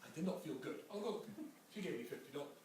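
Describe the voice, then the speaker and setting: A man's voice: a little high, expressive, fast, darkish tone. A man with an English accent, a rabbi giving a Torah lecture full of stories and joking asides. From England. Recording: very echoey hall, from far off, faint noise.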